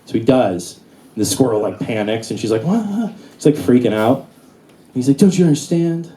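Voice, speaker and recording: With a fairly low, dark-toned voice and a brisk delivery, a young comedian works through his set in front of a club crowd. His talk is loose and meandering, full of fillers, and the recording picks up noise from the room.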